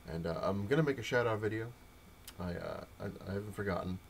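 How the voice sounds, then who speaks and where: A man's voice: fairly low pitch, lively intonation, fast, vocal fry, slight background noise. A young man rambling through a casual comic-collecting update, full of fillers and quoted exchanges. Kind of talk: casual update rant to camera.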